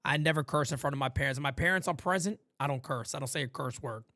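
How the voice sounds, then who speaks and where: A man from New York hosting a live fan play-by-play stream, blunt and profane, swinging from loud calls to low asides. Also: fast, no room sound, clean studio sound. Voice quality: profane, blunt street talk.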